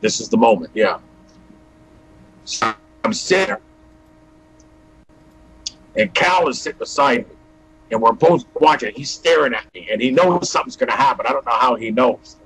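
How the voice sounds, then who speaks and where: Here is a man with a husky, slightly rough voice, pitched in the middle range for a man. He tells a personal testimony in a storytelling style. He keeps switching into "I go, he goes" to replay old talks. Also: expressive, normal speed, pauses often, fairly bright tone, poor audio. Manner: acts out dialogue with "I go, he goes". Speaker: guest giving testimony.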